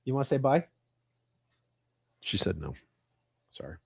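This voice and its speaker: Man, livestream host, casual profane banter, lively up-and-down voice, dead dry sound. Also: medium pitch, unhurried, gravelly, breathy edge, no room sound. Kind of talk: casual chat with live viewers. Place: at home with his cats.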